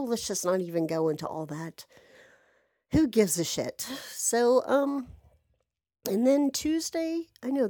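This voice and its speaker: A woman telling a rambling story in a casual monologue, chatty and animated, with sarcastic asides and swearing. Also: on the high side, no echo, studio quality.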